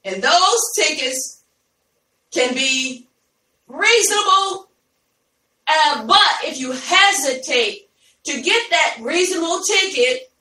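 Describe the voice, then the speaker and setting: High-voiced chatty woman podcast host. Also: expressive, takes it slowly, pauses often, bright, forceful tone. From Ohio, USA. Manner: chatty, addresses listeners as y'all, laughs easily. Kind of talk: casual live podcast chat. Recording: echoey room, voice from a distance.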